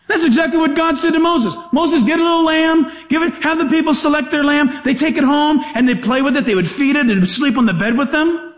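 Animated high-voiced male preacher. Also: brisk, hardly any pauses, echoey room. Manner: animated preaching with mock voices and rhetorical questions. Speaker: pastor. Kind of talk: sermon.

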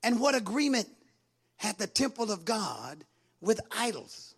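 High, gravelly, shouting male preacher. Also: very animated, a little slow. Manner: builds from quiet talk to sing-song shouting; call-and-response with congregation. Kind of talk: sermon.

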